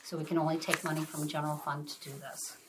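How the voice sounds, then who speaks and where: A woman's voice: low-pitched, flat delivery, fast, slight background noise, poor audio. A woman who is a town finance official, explaining the budget step by step at a public meeting. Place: town board meeting room.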